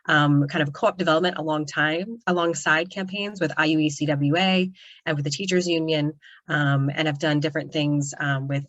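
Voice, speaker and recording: A woman's voice: low voice, fairly bright tone, no echo. A woman giving an earnest webinar presentation on a video call, talking loosely with many "um" and "kind of" fillers. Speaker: co-op developer presenting.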